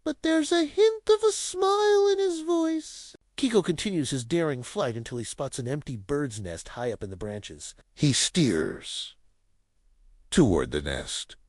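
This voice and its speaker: A woman narrating a cartoon story in an expressive storybook manner. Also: deep voice, a little slow, dry recording. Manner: expressive, animated.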